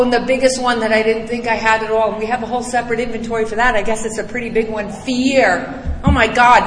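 A woman's voice: a little high, fairly bright tone, slight background noise. A middle-aged woman giving a recovery meeting testimony, emphatic, blunt and salty, with rising bursts. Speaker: speaker sharing a recovery story. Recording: echoey hall with long reverb.

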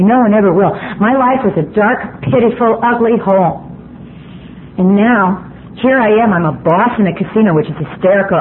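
Blunt woman on a tinny recording. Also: on the low side. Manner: blunt, profane, emphatic; self-mocking humor. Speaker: speaker at a recovery meeting. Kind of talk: personal recovery talk. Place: meeting room before an audience. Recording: tinny lo-fi recording with faint hiss.

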